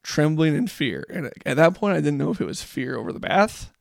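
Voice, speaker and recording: A man's voice: a little high, sing-song, brisk, vocal fry, no room sound, clean studio sound. A father in his thirties on a podcast, telling a rambling, reflective story about his kids with lots of filler words. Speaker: podcast co-host. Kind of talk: casual storytelling chat.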